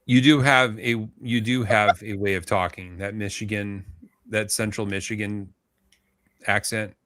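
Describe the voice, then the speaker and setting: Easygoing low-voiced man from Indiana. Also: steady tone, unhurried, a bit bright, dry recording. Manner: easygoing, rambling, self-deprecating. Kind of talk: casual chat.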